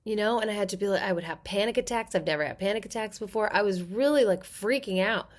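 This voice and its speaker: Animated middle-aged woman telling stories. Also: medium pitch, fast. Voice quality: character-actor voice. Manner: animated, acts out quoted voices in her stories. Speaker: podcast guest, actor and therapist. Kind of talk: casual interview talk.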